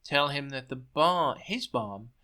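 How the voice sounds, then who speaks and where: A man's voice: medium pitch, lively intonation, slow, bright, forceful tone, clean tone. A man voicing a scheming male propaganda minister who rants and schemes. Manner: shrieking, ranting fury.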